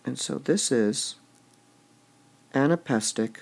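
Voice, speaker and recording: A man teaching poetic meter in a recorded lesson, slowly sounding out syllables and muttering to himself as he marks the stresses. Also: mid-range voice, gravelly, darkish tone. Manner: slow and deliberate, sounding out stressed syllables, drops to a mutter when writing.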